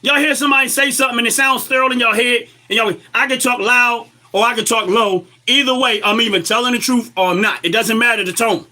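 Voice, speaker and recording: A man's voice: very high-pitched, steady tone, fast, few pauses, pushed and bright. A man giving impassioned political commentary, emphatic and lecturing, firing rhetorical questions at his listeners.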